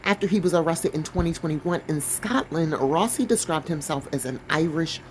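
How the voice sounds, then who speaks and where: Her voice sits low and moves at a moderate pace, captured in poor audio with a little hiss or hum. Between passages of a news article she reads out, she drops frank, sassy asides and sometimes fumbles her words.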